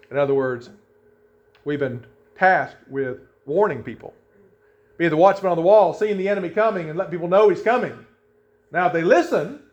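A male pastor preaches a sermon, reading scripture aloud and firing emphatic questions at the congregation. His voice is slightly high, and the audio sounds dull.

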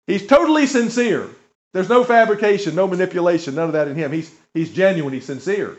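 A man preaching a sermon with a lively, swooping voice that sits a little high, retelling stories with emphatic asides and chuckles. The recording sounds dull and lo-fi. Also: a little fast. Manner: animated, emphatic storytelling with chuckles and asides to the audience.

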